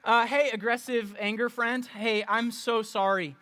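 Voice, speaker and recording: A youth pastor leading an interactive youth group session. The voice is bright and playful. They coach volunteers through a skit with easy humor. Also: medium pitch, fairly even intonation, measured pace.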